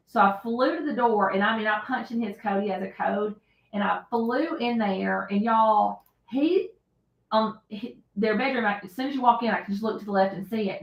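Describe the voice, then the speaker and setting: A middle-aged woman, hosting a casual livestream and retelling a story in an animated, dramatic way. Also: medium pitch. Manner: animated, dramatic retelling with loud acted shouts. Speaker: livestream host. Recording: echoey room.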